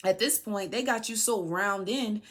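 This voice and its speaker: A woman's voice: medium pitch, normal speed, a bit bright. A woman speaking in an emotional personal monologue to her son, aggrieved and pleading, repeating herself for emphasis. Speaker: podcast host, mother addressing her son.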